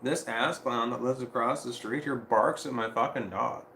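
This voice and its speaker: A man's voice: mid-range voice, normal speed, slight background noise. Rambling, profane man in an echoey room. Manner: rambling, profane, restarts often, quotes others in animated voices. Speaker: vlogger telling a story. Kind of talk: casual storytelling livestream.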